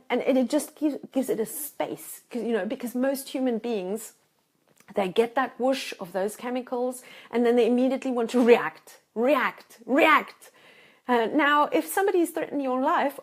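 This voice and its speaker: A woman's voice: a little high, lively intonation, moderate pace. A woman life coach giving a motivational talk to her own camera, emphatic and repeating words for stress. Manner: acts out anxious inner voices. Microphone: self-filmed camera.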